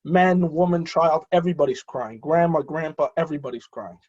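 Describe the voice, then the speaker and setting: A rabbi telling a story in an animated way, pausing often with fillers and restarts, and acting out the voices of the people in it. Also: male voice, fairly high pitch, slightly rough, muffled recording. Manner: hesitant with frequent fillers and restarts. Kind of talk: storytelling talk.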